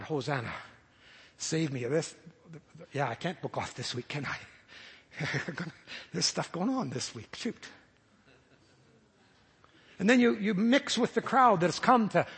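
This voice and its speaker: In a large hall with long reverb, a man with a high, husky, fairly bright voice preaches an earnest, searching sermon. He stumbles and starts over as he speaks imagined prayers aloud.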